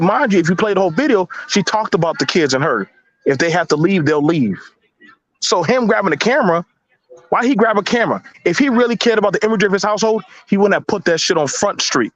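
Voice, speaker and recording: A man with a high, lively voice, arguing hard in a casual group debate. He is blunt and slangy and hammers his points by repeating words. The audio is dull and lo-fi. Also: brisk, dry recording. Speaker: panelist.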